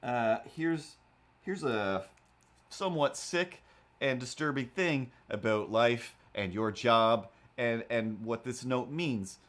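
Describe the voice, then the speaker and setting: A man's voice: medium pitch, takes it slowly. A man in his forties casually telling an anecdote on a livestream, acting out voices as he goes. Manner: animated, acts out voices in anecdotes. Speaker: livestream host.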